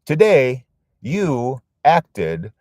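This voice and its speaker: A man doing a gentle older grandfather. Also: mid-range voice, wildly swooping pitch, very slow, no echo, studio quality, pitched above the performer's own voice, exaggerated voice. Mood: tender. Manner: gentle, earnest.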